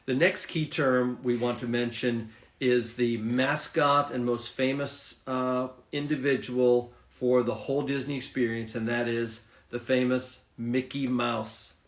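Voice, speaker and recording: Male co-host, steady and calm, models words clearly for learners; echoey room. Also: medium pitch, measured pace. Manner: calm, steady, says each word clearly on request. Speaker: co-host introducing vocabulary. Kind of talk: casual lesson, reading word list.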